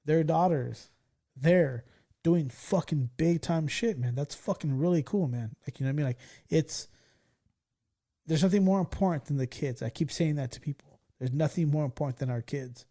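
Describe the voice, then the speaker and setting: A man in his forties from California, hosting a podcast and telling stories in a loose, profane, excitable way. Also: fairly high pitch, moderate pace. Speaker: podcast host. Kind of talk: casual storytelling chat.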